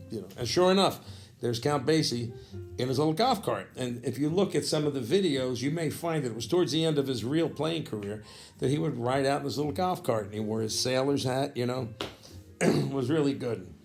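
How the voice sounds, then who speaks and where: Gravelly man telling an old jazz story. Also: mid-range voice, a little fast, soft background music. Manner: animated, rambling, full of restarts and clearing his throat. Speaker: jazz saxophonist recounting a memory. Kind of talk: casual spoken storytelling.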